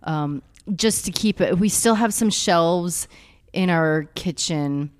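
Dry, low-voiced woman podcaster. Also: slow, clear, resonant tone, no echo. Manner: teasing, laughs often. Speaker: podcast co-host. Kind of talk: casual chat. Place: living room at home.

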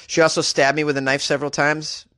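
A sheepish, stammering boyfriend, as a male podcast host puts him on, trips over his words as he explains himself. The voice sits slightly lower and softer than the host's usual. It is recorded dry and close. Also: flat delivery, fast, no echo, lightly acted. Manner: stammering, embarrassed.

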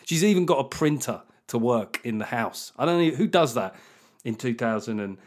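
A middle-aged man hosting a comedy podcast alone, talking in a sweary, self-mocking way with animated asides. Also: medium pitch, normal speed. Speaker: podcast host. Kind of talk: solo comedy podcast monologue.

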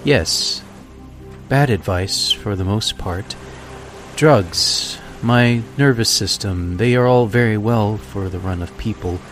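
A worn-out, sleepless stranger, as a man reads him aloud talks slowly and broodingly. The voice is low and tired. Music plays behind. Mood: weary. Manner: slow, weary, brooding speech. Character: weary, sleepless, despairing grown man.

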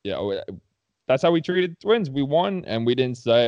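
A man co-hosting a casual chat, blunt and quick to swear and laugh. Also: mid-range voice, sing-song, no room sound, highs cut off. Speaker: podcast co-host.

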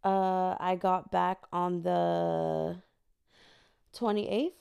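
A young woman from the United States, hosting a solo podcast and telling stories in an animated, chatty way full of profanity. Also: fairly low pitch, slow pace, vocal fry, smooth, dry recording, clean studio sound. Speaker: podcast host. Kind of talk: casual solo podcast storytelling.

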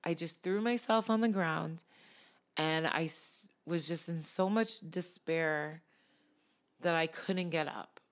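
A woman guest on a podcast, telling a personal story in a tearful, halting way and laughing through the emotion. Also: deep voice.

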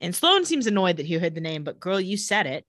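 Woman podcast co-host, bright sparky voice, sarcastic recapper, dry close mic. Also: lowish voice, very animated, dry recording. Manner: sarcastic asides while retelling scenes, quick laughs. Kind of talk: casual chat.

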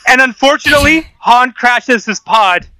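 A man co-hosting a podcast, telling animated stories in casual chat. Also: very high voice, moderate pace, no room sound. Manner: animated storyteller. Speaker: podcast co-host.

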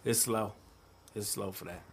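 A man's voice: fairly low pitch, fairly even intonation, normal speed, crowd noise. A man hosting a casual group podcast chat, laid-back, swearing and laughing easily. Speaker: podcast host.

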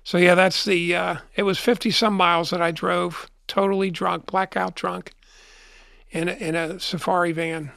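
A man's voice: sits high, flat delivery, moderate pace, creaky, pushed and bright, no room sound, studio quality. A middle-aged man telling a long story in a rambling way, repeating and restarting his words as an interview guest.

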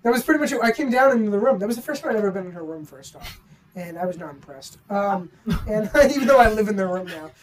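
A woman's voice: medium pitch, animated, fast. A young woman co-hosting a casual student podcast, telling a story animatedly and swearing a lot. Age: young adult. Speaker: podcast co-host. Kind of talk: casual chat. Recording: distant from the mic.

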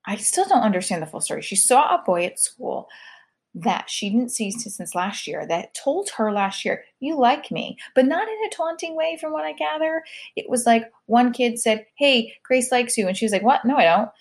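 A woman's voice: fairly high pitch, sing-song, moderate pace. A woman hosting her own podcast and livestream, chatting casually and confessionally, rambling with lots of "like" as she talks. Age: adult mother of a school-age child. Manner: rambling and chatty, heavy use of "like".

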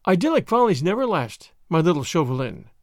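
A man's voice: a little high, sing-song, fairly quick, no room sound, studio quality. A man reading a story, voicing a witty, bored young French noblewoman with a gay, teasing manner. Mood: arch, teasing. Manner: gay, teasing, airy delivery.

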